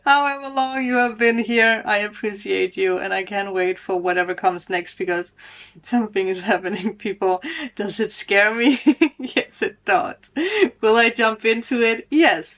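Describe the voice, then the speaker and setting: A woman reading tarot cards in a casual vlog. Her pitch sits in the middle for a woman. She speaks straight to her viewers, gets emotional and laughs often. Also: fairly bright tone. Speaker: spiritual tarot reader.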